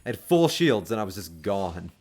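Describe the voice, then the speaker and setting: Excitable rambling male game streamer. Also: deep voice, normal speed, slight background noise. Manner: excitable, rambling, lots of fillers and sudden outbursts. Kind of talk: casual livestream commentary. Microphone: desk microphone.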